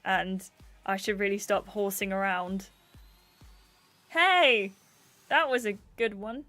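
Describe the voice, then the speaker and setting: A woman's voice: medium pitch, slow, pushed and bright, faint music behind. A woman streaming a game, chatting and giggling as she reads the game text aloud. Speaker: gaming streamer. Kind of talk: livestream game playthrough, reading aloud.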